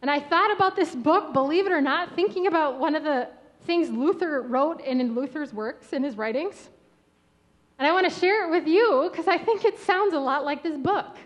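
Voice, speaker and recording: A woman pastor giving a sermon with a gentle, rhythmic delivery. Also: sits high, moderate pace, highs cut off. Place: church sanctuary.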